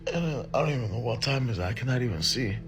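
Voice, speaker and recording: A man filming himself on a phone at home at night, talking in a hushed, shaky voice and swearing under his breath. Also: medium pitch, animated, fast, faint music behind. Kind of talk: scared handheld night vlog. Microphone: phone camera. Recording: noisy phone video recording.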